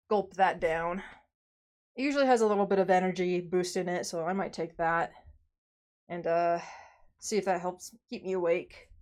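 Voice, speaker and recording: A woman streamer chatting casually after a workout, tired and out of breath, rambling and sighing often. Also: on the low side. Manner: rambling, self-deprecating, sighs often. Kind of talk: casual live-stream chat.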